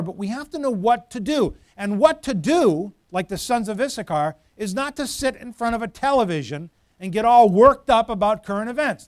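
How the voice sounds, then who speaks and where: A man's voice: high voice, dry recording, studio quality. A middle-aged man preaching a sermon in a conversational, storytelling way with emphatic build-ups. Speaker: pastor.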